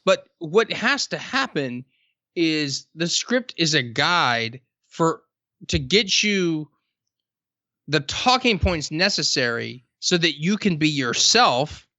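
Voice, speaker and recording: A man talking casually on a podcast, telling stories with emphatic, drawn-out stresses. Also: a little high, very animated, sharp tone, dry recording, highs cut off.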